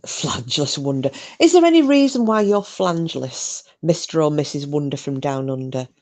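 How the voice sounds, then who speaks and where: A woman's voice: deep voice, lively intonation, moderate pace, a little mellow. A woman hosting a live stream, chatting casually, gossipy and sweary, reading out comments.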